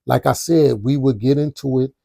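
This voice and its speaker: A podcast host tells a personal story in a gravelly, husky voice. He is animated and adds spoken sound effects. The recording is dry and close. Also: mid-range voice, normal speed, no echo. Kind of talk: casual storytelling.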